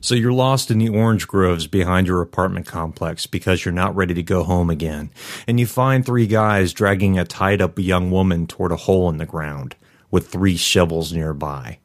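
Man, very low voice, first-person story narration, measured, somber. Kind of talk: first-person fiction reading.

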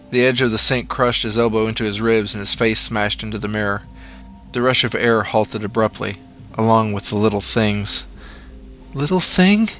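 A man reading a horror story aloud in a measured, dramatic storytelling manner. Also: on the low side, pushed and bright. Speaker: narrator. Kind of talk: scripted horror story narration.

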